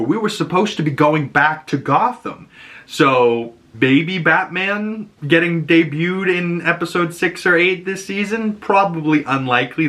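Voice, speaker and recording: A man with a Boston accent casually recapping a TV episode, animated, laughing often and acting out the characters' lines. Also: fairly high pitch. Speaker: TV episode reviewer.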